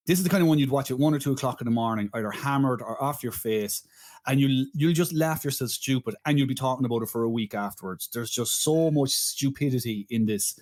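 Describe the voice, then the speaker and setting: A man co-hosting a podcast, excitable and exclamatory, laughing easily as he recounts scenes. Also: medium pitch. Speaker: podcast co-host. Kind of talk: casual chat.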